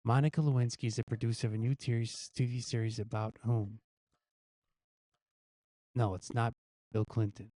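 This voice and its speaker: A man's voice: mid-range voice, little pitch movement, normal speed, long pauses, dark tone. A male host casually reading out news quiz questions, guessing the answers himself and chuckling at his own gag options.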